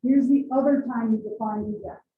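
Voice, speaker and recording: A woman instructor teaching a college class, brisk and teasing as she coaxes answers from her students. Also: on the high side, fairly even intonation. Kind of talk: classroom lecture with questions. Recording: distant echoey classroom on tinny mic.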